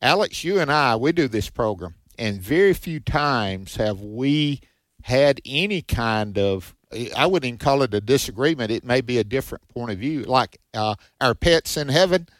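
A folksy male radio host who talks with halting restarts and plenty of fillers while taking calls. His voice is close and dry, with no room sound. His pitch sits in the middle. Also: animated, dry recording. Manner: folksy, hesitant, frequent fillers. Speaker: host of a Christian radio call-in show. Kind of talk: casual radio chat.

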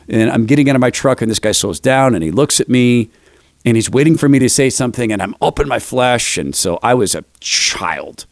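A man's voice: medium pitch, vocal fry, dry recording, studio quality. An older man hosting a commentary show, telling a self-deprecating story between clips.

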